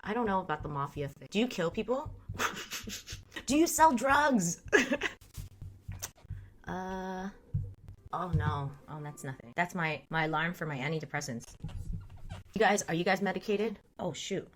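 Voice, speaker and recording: A woman's voice: fairly low pitch, lively intonation, unhurried, pauses often, slight background noise. Frank, chatty woman livestreamer. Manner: frank, chatty, laughs often. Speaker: livestream host. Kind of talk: casual livestream chat, reading chat.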